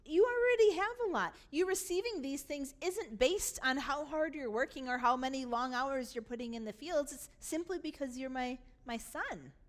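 Woman pastor, high voice, emphatic sermon delivery in a church. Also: normal speed, hardly any pauses, a bit bright. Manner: emphatic, voicing the father's lines with rising force. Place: church sanctuary.

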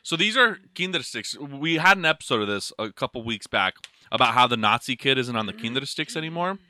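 A man's voice: medium pitch, animated, brisk, pushed and bright, no room sound. A man co-hosting a podcast, chatting casually while tasting snacks, swearing and laughing through joking banter. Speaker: podcast co-host. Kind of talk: casual chat while taste-testing snacks. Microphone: studio microphone.

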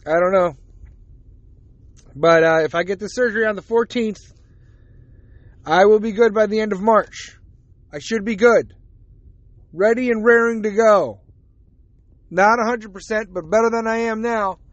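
A man's voice: high-pitched, measured pace, pauses often, dry recording, highs cut off. A man hosting a podcast, talking casually and rambling, with frequent swearing and self-deprecating asides. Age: adult with a child. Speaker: podcast host. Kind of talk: casual solo podcast monologue.

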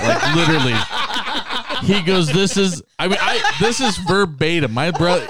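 A man's voice: a little high, moderate pace, a loud crowd. A man co-hosting a podcast, telling a road story in casual, profane chat. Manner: animated anecdote teller, swears freely.

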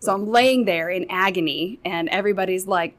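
A woman tells a story as a podcast guest, at a middle pitch. She talks casually and with animation. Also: fairly quick. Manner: animated, shifts into loud high mimicry of others.

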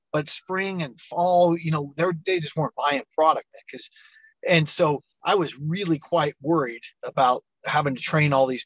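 A middle-aged man, an entrepreneur guest on an interview show, telling his story with lively acted-out dialogue. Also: a little high, no echo, rough recording. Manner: animated storyteller, acts out quoted dialogue.

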